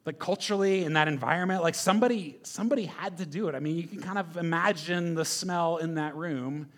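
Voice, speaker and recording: A pastor preaches with a fairly high, fairly bright voice, going a little fast. His style is conversational and emphatic, and he keeps checking on his listeners with frequent "right?" asides.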